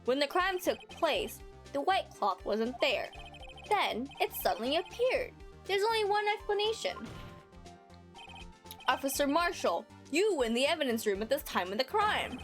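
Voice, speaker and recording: A woman voicing an earnest young male defense lawyer in a video game, with a firm, deliberate courtroom delivery. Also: high voice, sing-song, faint music behind. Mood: assertive.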